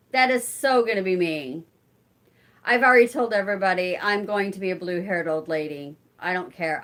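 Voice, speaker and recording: Hosting a casual live-stream chat, a woman in her forties answers viewers and talks to her cat between replies, keeping things chatty. Her mid-range voice is bright and forceful.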